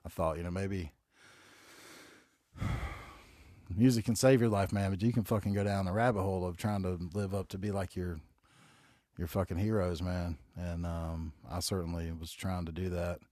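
Brief: very low-voiced Southern man in his forties, loose profane podcast monologue, dry close mic. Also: fairly even intonation, moderate pace, pauses often, dark tone, dry recording. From North Carolina. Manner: rambling, profane, laid-back storytelling. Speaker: podcast host. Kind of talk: casual solo podcast monologue.

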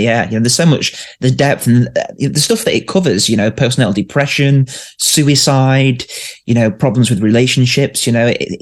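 A man co-hosting a podcast, chatting enthusiastically and laughing between points. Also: medium pitch. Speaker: podcast co-host. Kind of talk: casual chat.

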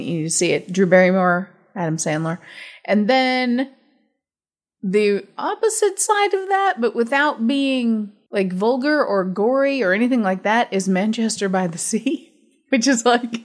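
A woman co-hosting a movie review podcast, chatting casually, thinking aloud and laughing often. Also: a little high. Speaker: podcast co-host.

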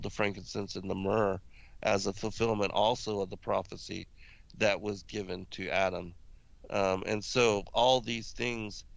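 Gravelly low-voiced man, halting speech. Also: fairly bright tone, dry recording, lo-fi sound. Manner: halting, with many fillers and restarts. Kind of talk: casual religious discussion.

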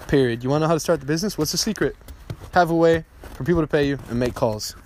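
A man hosting a solo podcast, talking bluntly and with profanity, repeating his points and often clearing his throat. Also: fairly high pitch, rapid-fire, a little mellow, slight background noise. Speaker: podcast host.

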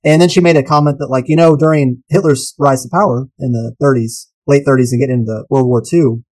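A man co-hosting a casual podcast, talking animatedly and posing rhetorical questions with sudden jumps in pitch. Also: steady tone, brisk, a little mellow, poor audio. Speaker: podcast co-host.

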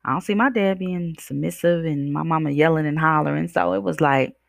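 A woman podcast host with a gravelly, creaky edge to her mid-range voice. She talks straight at her listeners in an emphatic, preachy way. The sound is dry and close. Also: low-pitched, brisk, no echo. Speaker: podcast host and life coach. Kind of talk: podcast monologue.

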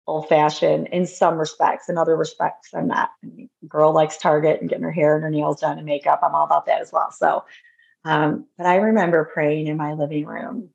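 Earnest woman with a gravelly voice. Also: fairly low pitch, darkish tone. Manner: earnest, heartfelt, with restarts and prayerful quotes. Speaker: podcast guest. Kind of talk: personal faith story in conversation. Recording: dull lo-fi audio.

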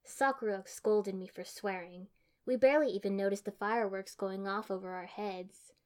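A woman's voice: medium pitch, fairly even intonation, normal speed, a little mellow. A woman reading first-person fan fiction aloud in a dry, matter-of-fact manner. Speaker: audiobook reader.

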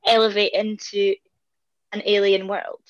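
A woman's voice: medium pitch, flat delivery, normal speed, dull audio. A young woman co-hosting a casual chat show, giggling, asking questions and interrupting often. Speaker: podcast co-host.

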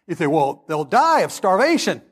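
A man preaching a sermon, animated and acting out the voices he quotes. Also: high-pitched, normal speed, breathy edge. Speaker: pastor.

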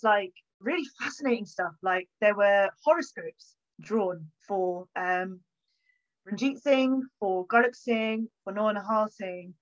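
A woman historian, a guest on an interview, telling stories in an animated conversational way from her home. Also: a little high, dull audio. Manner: animated storyteller, acts out quoted exchanges. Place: home, bookshelf behind her.

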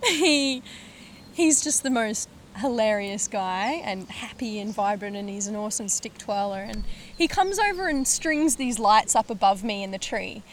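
A woman podcast host telling a story in casual conversation, animated, acting out quotes and swearing casually. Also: medium pitch, normal speed, a little hiss or hum.

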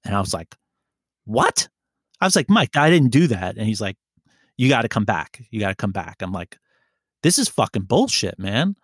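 A man's voice: fairly low pitch, big pitch swings, moderate pace, pauses often, slightly rough, no room sound, clean studio sound. A man telling a rambling, profane story in casual chat. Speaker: podcast co-host telling a story.

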